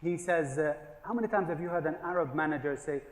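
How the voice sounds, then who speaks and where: A man's voice: a little high, quick pace. A man giving a humorous business keynote, telling stories and asking the audience questions. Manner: storytelling with jokes and rhetorical questions. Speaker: conference speaker. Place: large conference hall. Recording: echoey hall with long reverb.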